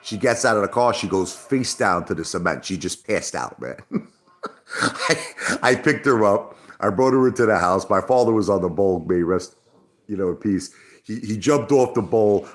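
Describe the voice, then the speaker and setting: A middle-aged New man with a very deep voice talks off the cuff on a livestream. His pitch leaps around as he rambles, curses freely and circles back over his own words. He comes across as loose and chatty. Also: animated, normal speed, fairly bright tone. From Brooklyn, New York. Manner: rambling, profane, repeats himself. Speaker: livestream host. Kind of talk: casual livestream chat.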